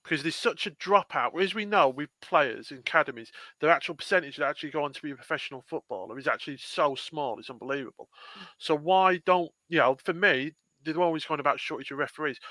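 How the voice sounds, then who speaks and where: Brief: bright, earnest man arguing his point on a fan podcast, dry sound. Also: medium pitch, dry recording. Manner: earnest, argues a point at length. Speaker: podcast co-host. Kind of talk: casual chat.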